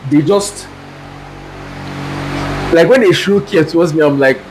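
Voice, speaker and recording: A man's voice: fairly high pitch, measured pace. A young man from Nigeria co-hosting a podcast, telling stories with acted-out quotes and frequent laughter in casual chat. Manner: animated storytelling, acts out quotes, laughs often. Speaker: podcast co-host. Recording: faint background noise.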